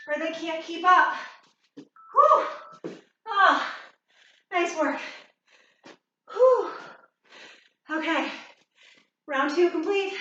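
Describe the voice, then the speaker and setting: A woman's voice: high-pitched, pushed and bright, very echoey, distant mic, lo-fi sound, a little hiss or hum. A woman fitness instructor leading a workout, cueing moves while exercising and getting out of breath.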